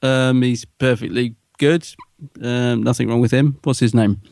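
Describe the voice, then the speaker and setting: A man's voice: medium pitch, fairly even intonation, unhurried, gravelly, a little mellow, no room sound, studio quality. A man co-hosting a podcast, giving his opinions in chatty casual conversation. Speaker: podcast co-host. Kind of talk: casual review chat.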